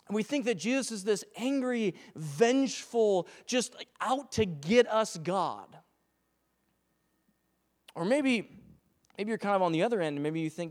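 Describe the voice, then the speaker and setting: Preaching with energy, a young man whose voice sits on the high side voices doubters in small acted asides. He speaks a little slowly and pauses often, and the church hall gives the sound a long reverb.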